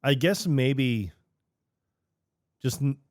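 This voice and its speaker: A man's voice: medium pitch, very slow, no echo, studio quality. Playful, stubborn man on a chatty podcast. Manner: playful, stubborn, jokey deadpan asides. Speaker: podcast co-host. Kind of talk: casual podcast chat.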